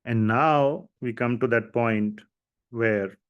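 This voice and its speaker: Man explaining scripture in a relaxed way. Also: medium pitch, takes it slowly, clear, resonant tone, highs cut off. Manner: storytelling, retelling dialogue with fillers. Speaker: lecturer. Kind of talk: scripture class commentary.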